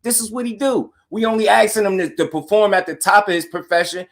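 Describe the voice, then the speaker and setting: Slangy, animated man hosting a boxing stream. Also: high-pitched, fast. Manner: animated, slangy and repetitive, addressing chat. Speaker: boxing talk show host. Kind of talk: live-stream commentary.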